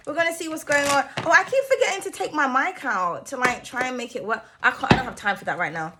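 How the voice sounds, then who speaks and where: A woman's voice: high-pitched, lively intonation, quick pace, noisy background. A young woman giving a casual tarot reading to her viewers, playful and loose, swearing freely and calling them darling. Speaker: tarot reader.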